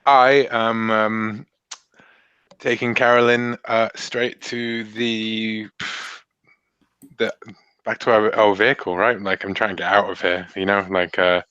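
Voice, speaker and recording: A man plays in a tabletop game, hesitating with many ums and uhs. His voice is low, and it comes through a dull, lo-fi mic. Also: little pitch movement, takes it slowly, pushed and bright, clear, resonant tone, dry recording. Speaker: player. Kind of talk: tabletop role-play. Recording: dull lo-fi recording.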